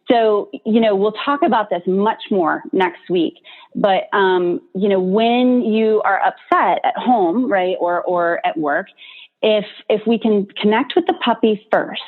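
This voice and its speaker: A woman therapist explaining a topic in a casual, chatty way, full of "like" and "right?" as she checks in with listeners. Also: mid-range voice. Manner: casual and chatty, many fillers and tag questions. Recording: tinny phone-like audio.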